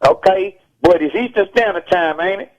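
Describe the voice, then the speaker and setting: A man's voice: high voice, normal speed. A man from Texas, calling in to a radio show as a guest and preaching his point emphatically and repetitively. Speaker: rapper interviewed as phone-in guest. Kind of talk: heated radio call-in interview. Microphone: telephone. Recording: dull phone line from an old radio broadcast.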